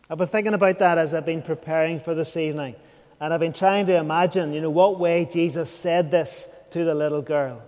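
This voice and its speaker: A man's voice: a little high, a little mellow, in a large hall. A man preaching an evening sermon, earnest and questioning, sometimes dropping to a near whisper.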